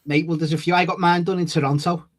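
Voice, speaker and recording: A man's voice: on the high side, level tone, fast. A man co-hosting a podcast, telling stories in a laid-back, chatty way. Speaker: podcast co-host. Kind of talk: casual chat.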